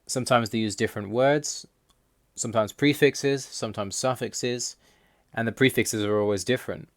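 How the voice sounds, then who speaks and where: A man giving a scripted voice-over explanation, reading out word lists slowly and in a measured way. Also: medium pitch, steady tone, no room sound, clean studio sound. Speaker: language learner explaining Russian.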